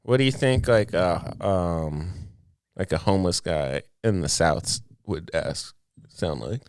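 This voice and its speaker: A man's voice: sits low, expressive, unhurried, darkish tone, no room sound, clean studio sound. A man hosting a casual chat as a comedian, rambling and laid-back, with lots of fillers and swearing. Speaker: comedian podcast host.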